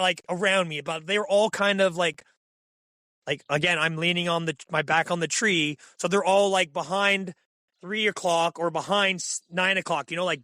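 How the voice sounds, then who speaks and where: Excitable man with a bright, high voice. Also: no room sound. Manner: excitable, animated retelling with frequent fillers. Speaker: podcast guest. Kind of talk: casual storytelling.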